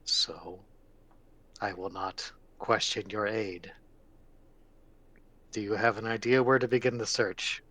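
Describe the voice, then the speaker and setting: A man voicing a towering, gentle stone golem who speaks calmly and politely. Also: lowish voice, no room sound, exaggerated voice. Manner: calm, polite, measured.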